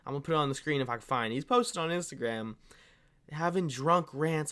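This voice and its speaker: A man's voice: fairly high pitch, animated, fast talker, a bit bright, clear, resonant tone. Fired-up swearing man ranting casually. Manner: profane, fired-up and rambling, calls viewers "bro". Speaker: MMA commentary channel host. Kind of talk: casual opinion rant.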